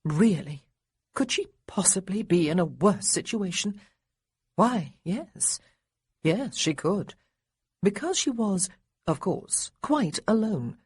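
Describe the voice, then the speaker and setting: Husky, lively woman narrating. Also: lowish voice, takes it slowly, dry recording. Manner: expressive, wry storytelling. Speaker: audiobook narrator. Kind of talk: scripted narration.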